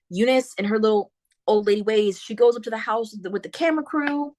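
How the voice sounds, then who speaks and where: A woman hosting a book podcast, retelling a horror novel's plot in a casual, animated way with slangy asides. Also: a little high, fast talker. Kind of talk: casual spoiler book talk.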